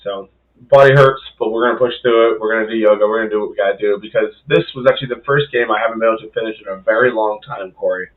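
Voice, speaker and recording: A man's voice: lowish voice, rapid-fire, narrow, tinny audio. A young man, a podcast co-host and rugby player, telling a story in casual chat with plenty of swearing and filler words.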